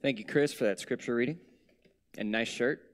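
A young adult man preaching a conversational sermon with humorous asides and lively swings in pitch. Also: normal speed. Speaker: pastor. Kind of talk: casual sermon.

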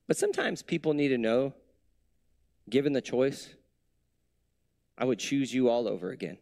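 A man preaching a sermon as a pastor, in a conversational way with many rhetorical questions, dropping soft and low for tender lines. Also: expressive, normal speed, gravelly, long pauses, no echo, studio quality.

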